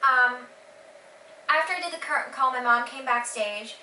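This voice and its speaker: A teenage girl casually recounting her day in a vlog, gushing and excited with lots of fillers. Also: high-pitched, moderate pace, echoey room, recorded from a distance, slight background noise, poor audio. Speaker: vlogger.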